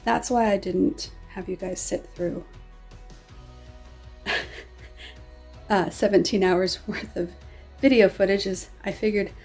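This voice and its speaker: A woman's voice: medium pitch, fairly even intonation, takes it slowly, creaky, long pauses, a little mellow, breathy edge, faint music behind. Chatty woman vlogging to her viewers. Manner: enthusiastic and chatty. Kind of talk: casual talk to viewers.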